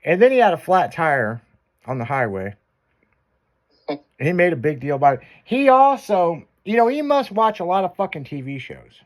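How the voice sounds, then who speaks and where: A man's voice: fairly high pitch, sing-song, moderate pace. A man hosting a chat show, telling crude stories and laughing as he goes. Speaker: show host. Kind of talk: casual profane chat show banter.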